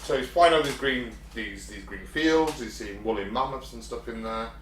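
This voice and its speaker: A man's voice: mid-range voice, normal speed, fairly bright tone. A man co-hosting a casual podcast, telling a story with lots of ums and restarts. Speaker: podcast co-host. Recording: roomy, distant mic, faint hum.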